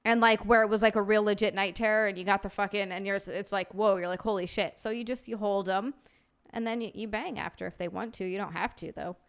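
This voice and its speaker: A woman's voice: mid-range voice, fairly even intonation, a little fast, gravelly, clean tone. A woman co-hosting a comedy podcast, talking frankly and casually with free swearing. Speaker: podcast co-host.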